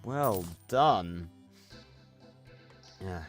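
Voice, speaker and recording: A man's voice: deep voice, animated, very slow, soft background music. A man livestreaming a game, chatting casually and rambling with lots of fillers and restarts. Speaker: streamer. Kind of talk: casual gameplay livestream chat.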